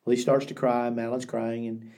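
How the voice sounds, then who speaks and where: An older male pastor tells stories with an earnest, reflective manner, often circling back to restart a thought. His voice is warm and mellow, sitting at an ordinary middle pitch for a man. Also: little pitch movement, a little fast. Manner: earnest storytelling with frequent restarts. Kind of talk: podcast interview.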